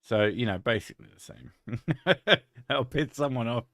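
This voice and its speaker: A man's voice: mid-range voice, lively intonation, normal speed, a bit bright, no room sound, clean studio sound. A man streaming and chatting casually, joking crudely and swearing often. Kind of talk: casual chat.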